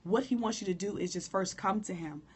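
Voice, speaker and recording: A hoarse woman who coughs now and then, giving a candid, informal live-stream talk on prayer and speaking straight to her viewers. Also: mid-range voice, a little fast. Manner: candid, informal, preacherly direct address. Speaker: motivational speaker.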